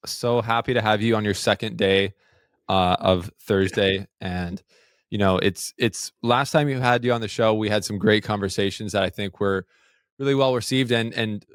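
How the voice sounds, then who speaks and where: A man's voice: fairly low pitch, moderate pace, smooth, dry recording, studio quality. A man co-hosting a casual tennis podcast, upbeat and chatty, hyping listeners and guests with frequent restarts. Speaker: podcast co-host.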